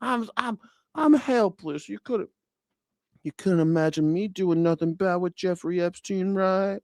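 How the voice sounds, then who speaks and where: A man's voice: high voice, a little slow, a little mellow, no room sound, studio quality, pitched above the performer's own voice. A man mocking a whiny helpless old man. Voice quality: whiny, pleading.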